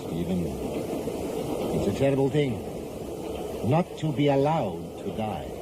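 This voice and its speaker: A grave Victorian occult doctor, measured and ominous, expressive pitch, loud noise behind. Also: male voice. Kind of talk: radio drama acting.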